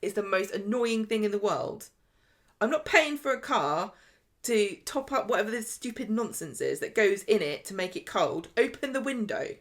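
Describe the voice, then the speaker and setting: A woman co-hosting a relaxed chat show, talking in an easy, chatty way at a middle pitch. She keeps slipping into quick impressions of characters as she recaps, then drops straight back into her own voice. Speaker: podcast co-host. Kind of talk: casual chat about a soap opera.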